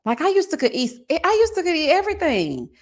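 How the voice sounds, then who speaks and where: A woman in her forties hosting a live stream, chatting casually with her viewers and reading their comments aloud, sassy and animated, laughing often. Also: very high voice, brisk. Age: 40s. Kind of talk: casual chat.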